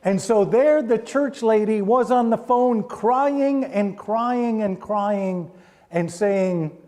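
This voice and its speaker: Middle aged pastor in church, slow unhurried sermon storytelling, goes real hushed on the heavy bits. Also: male voice, high-pitched. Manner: hushes to a near-quiet voice at solemn points. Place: church sanctuary.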